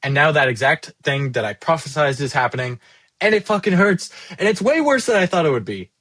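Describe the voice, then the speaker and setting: A young man in his twenties venting in a rambling, profane, self-deprecating monologue about running a software business. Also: fairly high pitch, animated, fairly quick, no echo. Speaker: SaaS founder vlogging.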